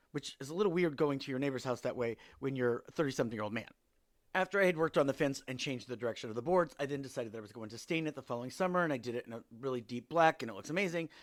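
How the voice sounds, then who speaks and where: A man hosting a podcast, telling stories about his neighbors in a wry, exasperated way and acting out their lines. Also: a little high. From Seattle area. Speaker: podcast host. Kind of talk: casual storytelling.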